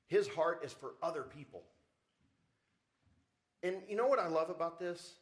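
The pastor's voice is a little high, his speed normal, and he leaves long pauses as he preaches. He delivers his sermon with rising emphasis, often putting rhetorical questions to the congregation. It's an audio recording of a church service.

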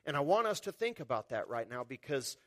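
A man's voice: medium pitch, big pitch swings, a little fast, fairly bright tone, dry recording, studio quality. A man preaching a sermon in a conversational way, with wry humor and quotes he acts out.

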